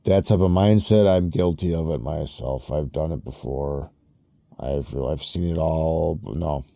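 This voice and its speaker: Male vlogger, very low voice, dry close sound, rambling profane rants. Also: a little slow, creaky, mellow, no room sound. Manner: rambling, profane, self-interrupting. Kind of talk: rambling personal vlog rant.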